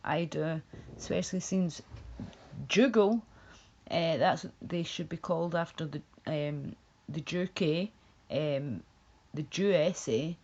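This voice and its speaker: A woman's voice: low-pitched, a little slow, darkish tone, lo-fi sound. A woman hosting a livestream, chatting in a rambling, blunt way with swearing and frequent laughs. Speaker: livestream host. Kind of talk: casual ranting chat.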